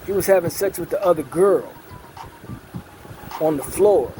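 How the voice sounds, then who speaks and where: Middle-aged man telling a long story in a slow, filler-heavy drawl, voice sitting a little high, music under him. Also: dark tone, low-quality recording. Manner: unhurried storyteller with a drawl, many fillers and repetitions. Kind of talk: casual storytelling. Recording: music playing in the background.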